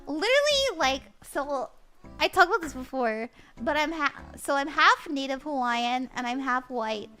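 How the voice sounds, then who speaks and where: A woman's voice: high voice, expressive, normal speed, sharp tone, soft background music. A young woman reading tarot live for her viewers, bubbly and giggly as she chats. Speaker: tarot reader streamer.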